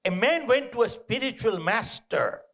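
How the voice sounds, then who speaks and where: Man doing a motivational talk, high voice, swings up and down a lot, punchy repeats and "hello?" questions to the crowd. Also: moderate pace, vocal fry. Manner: animated, punchy repetition, rhetorical questions. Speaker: motivational speaker. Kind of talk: live talk to an audience. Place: indoor event venue.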